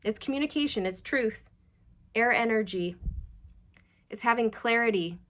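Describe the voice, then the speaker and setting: A woman's voice: a little high, expressive, moderate pace, fairly bright tone. A woman giving a chatty, reassuring tarot reading and passing on channeled messages directly to her viewers. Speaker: tarot reader.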